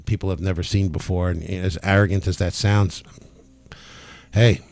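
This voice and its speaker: A man talking as a spiritual healer in a casual, emphatic monologue, excited and emotional enough to be near tears. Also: low-pitched, normal speed, gravelly. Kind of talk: casual testimonial monologue to camera.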